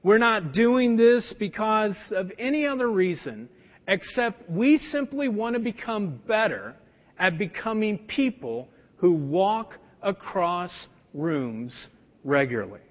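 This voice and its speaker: A man's voice: high-pitched, big pitch swings, slow pace. A middle-aged male pastor preaching a sermon, telling a personal story in a conversational way with plenty of fillers. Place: church sanctuary. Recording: dull lo-fi sound with long church reverb.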